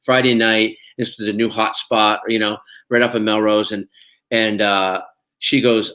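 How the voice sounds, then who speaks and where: A middle-aged male actor with a Scottish accent, telling lively anecdotes in an interview and acting out the voices in his stories. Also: fairly low pitch, normal speed. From Scotland. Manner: animated storyteller, acts out voices in quotes. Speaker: actor guest.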